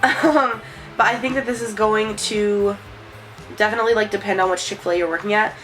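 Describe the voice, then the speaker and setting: A woman's voice: mid-range voice, fairly even intonation, brisk, fairly bright tone, soft background music, rough recording. Chatty young woman vlogger. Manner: chatty, rambling, many fillers and likes. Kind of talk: casual chat to camera.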